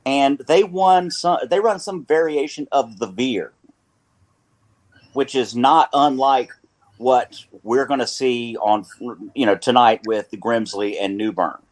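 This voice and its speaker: Playful sports radio host, Carolina twang. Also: male voice, medium pitch, a little slow. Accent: North Carolina. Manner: playful, rambling, self-correcting.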